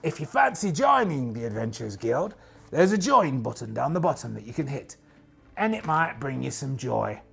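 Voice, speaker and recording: A man hosts and narrates a solo tabletop game, chatty and animated, tossing in jokey asides. His medium-pitched voice moves at a normal speed and sounds tired, strained, gravelly, and slightly rough.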